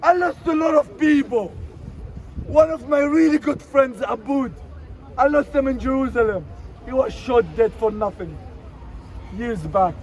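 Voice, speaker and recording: A man giving an emotional protest speech outdoors in a city street, his voice rising to shouts. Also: extremely high pitch, lively intonation, unhurried, long pauses, rough recording. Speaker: protest speaker. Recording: outdoor crowd noise. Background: crowd of protesters.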